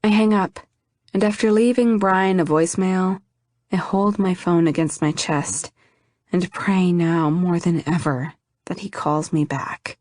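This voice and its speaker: A woman with a fairly low voice narrates an audiobook in the first person, soft and reflective. The recording is dry and close, with no room echo.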